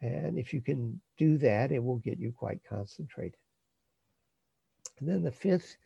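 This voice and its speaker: A man calmly teaching breath meditation, speaking in a slow, measured way that trails off softly at the ends of phrases. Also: medium pitch, gravelly, slightly rough, dry recording, dull audio. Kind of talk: guided meditation instruction.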